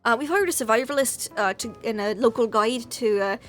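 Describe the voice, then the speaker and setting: A genial, wealthy husband, voiced by a woman game master, rambling politely through the plans. His delivery sits slightly low and soft, thick with fillers. Faint music under the voice. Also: fairly quick, natural voice.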